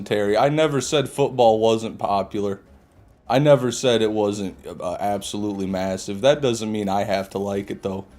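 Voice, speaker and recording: A young man with a low voice talks over faint music from his game. He rants and mocks in a sarcastic way, swearing freely as he answers chat on a casual live stream. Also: a little mellow. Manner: ranting, sarcastic, swears often.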